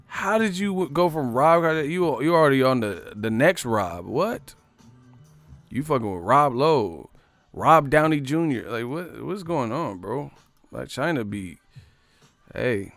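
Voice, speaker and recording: A man hosting a casual live stream, chatting and mocking commenters in slangy, animated talk, with faint music behind. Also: medium pitch, a little slow, no echo.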